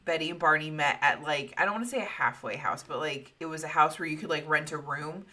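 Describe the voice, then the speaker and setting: A woman's voice: low voice, quick pace, pushed and bright. A woman in her thirties hosting a podcast, telling a story in a chatty way with profane asides. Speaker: podcast host. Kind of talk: casual storytelling.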